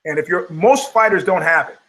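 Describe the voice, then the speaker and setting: A man's voice: on the high side, a little fast. An older man hosting a talk show, ranting in a casual, profane way and acting out the voices of people in his stories. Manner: animated storytelling, acting out quoted voices, profane. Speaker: podcast host.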